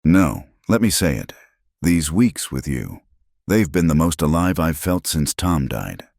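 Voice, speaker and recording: A firm, urgent frontier widow in a western storybook tale, acted by a man. The voice sits very low and moves with a lively melody. It is recorded close and dry. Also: a little slow, creaky, dry recording, exaggerated voice. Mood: tender. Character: woman, a fierce protective frontier widow.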